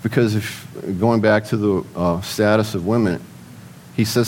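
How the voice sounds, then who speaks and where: A low-pitched man preaches in an easygoing, conversational way. He poses rhetorical questions and answers them himself, and at times turns to speak straight to the men listening. A faint noise sits under the recording. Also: steady tone, measured pace, darkish tone, rough recording. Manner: addresses the men in the audience directly. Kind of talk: sermon.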